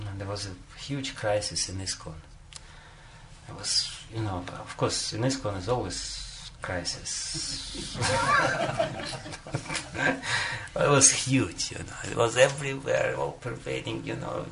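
Male spiritual teacher with a low, gravelly voice, storytelling in a devotional talk, warm chuckles throughout. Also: huge pitch swings, slow pace, heavy background noise. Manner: chuckles often, peppers speech with "you know".

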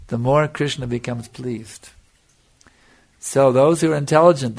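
An older man with a gravelly, fry-edged voice delivers a devotional lecture. He teaches earnestly, circling back to his points and checking in with his listeners. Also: mid-range voice. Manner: earnest, repeats "you see", answers questions. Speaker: spiritual teacher.

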